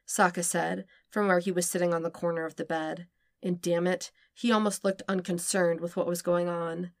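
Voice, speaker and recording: A woman reading fan fiction aloud with steady, even narration. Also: lowish voice, normal speed, no echo, studio quality. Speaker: podfic reader.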